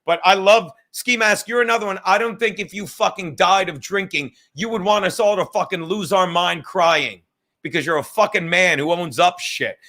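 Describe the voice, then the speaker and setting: A man's voice: sits high, moderate pace, bright, forceful tone. A man hosting a live stream, ranting and swearing while he reads out chat messages and says he is drunk right now. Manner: profane, ranting, sarcastic, addresses chatters by name. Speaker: podcast host reading live chat. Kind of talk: rambling profane live-stream talk.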